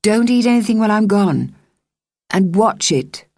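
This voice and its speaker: A woman's voice: medium pitch, expressive, normal speed, mellow, dry recording, studio quality, voice pushed up, close to an everyday voice. Woman voicing an earnest evacuee girl. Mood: firm. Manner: earnest, urgent, anxious. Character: serious young girl evacuee from London.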